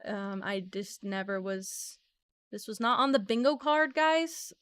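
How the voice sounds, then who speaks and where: A woman's voice: mid-range voice, expressive, measured pace, a bit bright, smooth, no room sound. A woman streamer chatting casually and earnestly with her viewers, emotional and rambling with many fillers. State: emotional, near tears. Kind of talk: casual live-stream chat.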